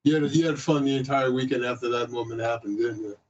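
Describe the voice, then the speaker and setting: A man's voice: medium pitch, quick pace, a little hiss or hum. A man co-hosting a casual chat, nudging the host with teasing questions. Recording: dull lo-fi sound.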